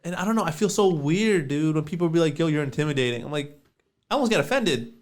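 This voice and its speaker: A man's voice: fairly high pitch, quick pace. A man in his twenties co-hosting a podcast in casual chat, laid-back and slangy, swearing often. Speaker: podcast co-host.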